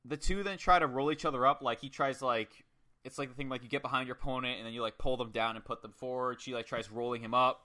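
A man excitedly recapping a wrestling match in casual, profane chat. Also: mid-range voice, fast. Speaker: podcast co-host.

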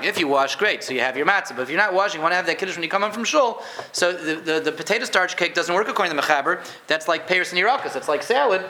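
A man's voice: on the high side, sharp tone, slight background noise. A man teaching a casual Jewish law class to a room of listeners, conversational, repeating words and quizzing them. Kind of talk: informal halacha class. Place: room with a live audience.

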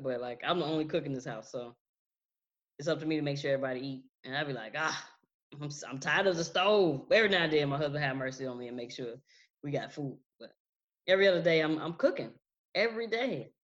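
A woman co-hosting a podcast, chatting casually and laughing often as she tells stories with quoted voices. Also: low voice. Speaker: podcast co-host. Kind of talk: casual chat. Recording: slightly dull lo-fi sound.

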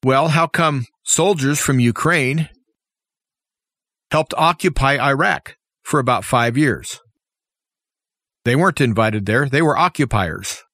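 A man's voice: mid-range voice, takes it slowly, pauses often, a bit bright, no echo, clean studio sound. A man giving an impassioned, opinionated political commentary monologue as a talk show host, full of rhetorical questions. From United States.

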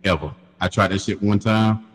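Crude animated man in a reverberant room. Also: lowish voice, normal speed, a little hiss or hum. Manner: crude, animated storytelling with laughs. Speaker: podcast co-host. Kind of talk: casual storytelling chat.

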